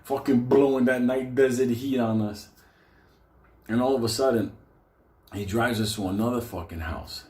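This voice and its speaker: A man's voice: moderate pace, pauses often, a little mellow, roomy sound. Profane man telling a wild story. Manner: profane, laughs often, raises his voice high for quoted lines. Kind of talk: casual comic storytelling.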